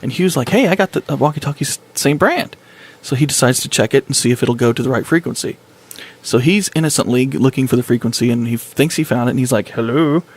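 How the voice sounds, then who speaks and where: A man's voice: medium pitch, fast talker, slightly rough. A man hosting a casual talk show, telling a road-trip story with lots of laughter and acted-out quotes. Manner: animated storyteller, laughs often, acts out quotes. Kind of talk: casual group chat, storytelling.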